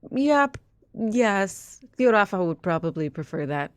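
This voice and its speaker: A woman's voice: mid-range voice, sing-song, a little slow, no echo, clean studio sound. A woman game master narrating a tabletop horror game in a chatty, descriptive way with plenty of fillers.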